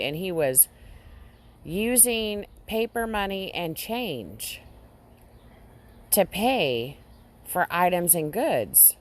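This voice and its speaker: A woman vlogger casually recounting a dream to her audience, halting often and restarting her sentences. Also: on the low side. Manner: halting, with frequent restarts and fillers. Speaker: Christian vlogger.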